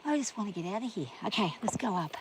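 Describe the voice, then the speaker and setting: A woman in the middle of a walk outdoors, drained and overheated, talking herself through her nerves in a casual, rambling way. Her pitch sits in an ordinary middle range. Loud outdoor noise runs constantly under her voice. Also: expressive, fast talker. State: exhausted and overheated. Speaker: farm vlogger. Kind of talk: casual self-filmed chat while walking. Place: outdoors on hot rough ground.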